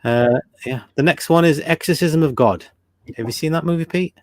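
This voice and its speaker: A man's voice: fairly high pitch, normal speed, a little mellow, no room sound. A man hosting a casual live chat, easygoing and laughing along as he runs through a list. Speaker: host.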